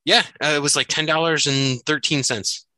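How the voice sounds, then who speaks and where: A man's voice: fairly high pitch, steady tone, moderate pace, bright, forceful tone, no room sound. A man hosting a casual podcast chat with friends, joking and laughing often. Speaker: podcast host.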